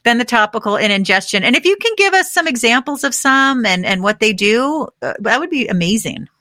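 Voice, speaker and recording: Bright-voiced woman hosting an interview. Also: on the high side, lively intonation, dry recording, clean studio sound. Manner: upbeat, quick laughs, agreeable. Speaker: host. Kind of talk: interview chat.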